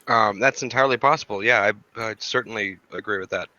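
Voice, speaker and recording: A man's voice: fairly low pitch, fast, pushed and bright, lo-fi sound. A man chatting casually about space and history, rambling with fillers, restarts and casual swearing. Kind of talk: casual chat.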